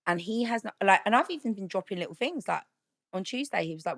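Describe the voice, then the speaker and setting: A woman's voice: medium pitch, lively intonation, fast, vocal fry. A woman chatting casually on a podcast, blunt and candid, swearing freely as she talks about dating.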